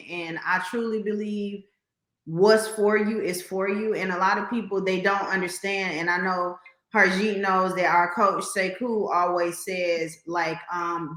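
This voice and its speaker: A woman with a Southern American accent, a realtor talking in a lively, folksy way as a podcast guest. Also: mid-range voice, reverberant. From Southern United States. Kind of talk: casual podcast interview.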